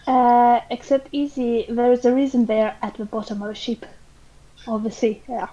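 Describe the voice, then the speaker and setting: Woman at the game table asking polite questions, mellow and a bit high, muffled audio. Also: little pitch movement, moderate pace. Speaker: player. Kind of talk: casual in-character chat.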